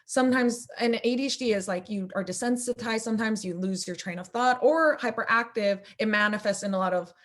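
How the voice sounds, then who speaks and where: Young woman filmmaker rambling in an interview, kinda high voice, squeaky from talking too long. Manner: chatty, animated, quick asides. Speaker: filmmaker guest. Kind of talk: casual interview chat.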